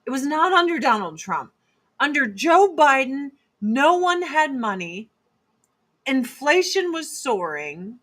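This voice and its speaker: A woman ranting in casual talk, blunt and profane, speaking in fast emphatic bursts. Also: sits high, sing-song, fairly bright tone. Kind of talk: casual opinion rant.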